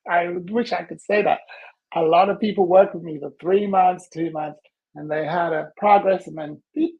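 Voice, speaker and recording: A man hosting a podcast as a coach, telling stories in conversation and acting out other people's voices with big jumps in pitch. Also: steady tone, moderate pace, muffled recording. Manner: laughs while telling. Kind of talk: storytelling in conversation.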